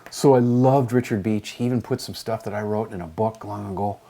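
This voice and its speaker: A man's voice: lowish voice, fairly quick, creaky, warm tone. A man in his sixties, an English teacher, telling stories to a class in a rambling, digressive way with many fillers. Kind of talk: lecture with a poetry reading.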